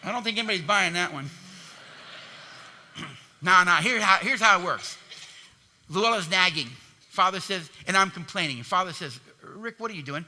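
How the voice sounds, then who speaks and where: High, bright-voiced preaching man. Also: moderate pace, pauses often, in a large hall. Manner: animated, emphatic preaching with call-and-response questions. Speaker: pastor. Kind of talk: sermon. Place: church.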